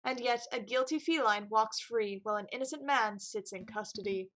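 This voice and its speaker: A brooding male bird who is a defense lawyer, dry and gloomy in his delivery, as a woman reads him. The tone stays bright and fairly high. A game read aloud. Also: moderate pace, natural voice.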